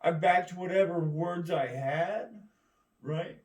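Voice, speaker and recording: Brief: man, rambling profane rant, combative, slightly high voice, distant mic in an echoey room. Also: slow pace. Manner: heavy swearing, keeps asking "right?".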